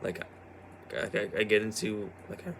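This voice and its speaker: A man's voice: on the low side, level tone, normal speed, gravelly, slight background noise. A tired young man who stayed up all night, rambling in a personal vlog with many restarts and fillers. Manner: hesitant, full of restarts and "like". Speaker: vlogger.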